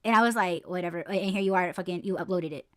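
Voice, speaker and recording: Woman podcast co-host, casual and profane, animated storyteller. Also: lowish voice, quick pace. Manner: animated storytelling, heavy swearing and "like" fillers. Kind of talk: casual chat.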